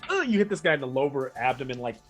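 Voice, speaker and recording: A man's voice: medium pitch, big pitch swings, rapid-fire, faint music behind. A man running a tabletop game as game master, talking in a rambling, casual way with many self-corrections.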